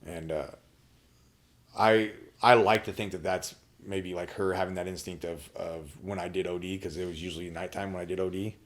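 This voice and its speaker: Deep-voiced man telling a blunt personal story. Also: steady tone. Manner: blunt, profane, halting with restarts. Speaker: podcast guest.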